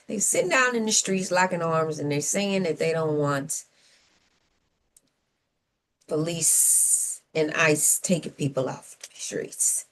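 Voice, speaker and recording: A woman co-hosting a panel talk show, her voice sitting a touch low. She argues by sarcasm and rhetorical questions, posing as just asking. Now and then she lets out a playful whoop. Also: takes it slowly, a bit bright, slight background noise. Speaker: co-host of a civic talk show. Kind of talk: opinionated panel commentary.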